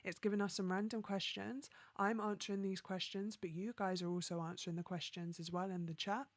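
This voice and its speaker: A woman from London, hosting a casual livestream, reading viewer comments and chatting in an upbeat way, laughing often and filling pauses with ums. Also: mid-range voice, level tone, dry recording. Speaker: livestream host.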